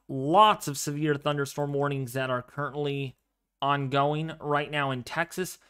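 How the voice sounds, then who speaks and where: A man hosting a live severe weather stream, commenting excitedly on radar and storms and repeating his phrases. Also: a little high, smooth. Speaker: livestream weather host.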